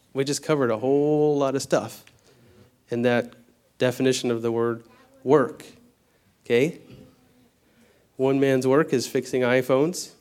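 A man of middle pitch delivers a Bible teaching sermon in a casual, conversational way. He checks in with his listeners often and slows down to spell out word meanings before hurrying through his asides. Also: darkish tone. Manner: conversational, peppered with "okay?" checks. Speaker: preacher.

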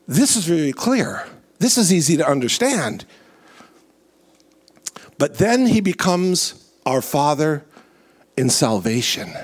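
A man delivers a sermon at a slow, deliberate pace. His voice sits high for a man and rises and falls dramatically from phrase to phrase. He stretches out his words as he reads scripture. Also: big pitch swings. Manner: preaching with slow drawn-out phrasing and big swings in pitch. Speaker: preacher.

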